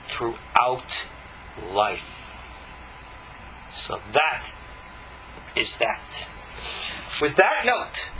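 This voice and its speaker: A male teacher giving a recorded lecture, his high, very bright voice leaping up and down in pitch as he presses each point emphatically. Faint noise hums under the recording. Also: rough recording. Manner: emphatic, animated teaching with dramatic pitch swings. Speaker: Kabbalah teacher.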